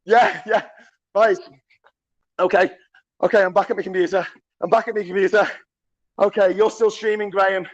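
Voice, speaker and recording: A man live streaming at a crowded party, cheering, shouting greetings and chatting excitedly, getting hoarse. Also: sits high, normal speed, pauses often, no room sound, highs cut off. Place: crowded indoor party venue.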